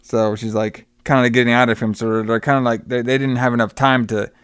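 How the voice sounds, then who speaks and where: A man's voice: medium pitch, little pitch movement, brisk, a bit bright, clear, resonant tone, no echo, clean studio sound. A man casually retelling a film plot, swearing freely and acting out the characters' lines. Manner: profane, rambling, acts out quoted lines. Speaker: podcast co-host recapping a film. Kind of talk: casual chat.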